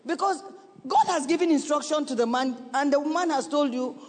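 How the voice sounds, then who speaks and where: A middle-aged woman pastor preaching a sermon, earnest and pleading, at times sinking into a soft, slow voice. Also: sits high. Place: church sanctuary. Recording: long reverb of a large hall.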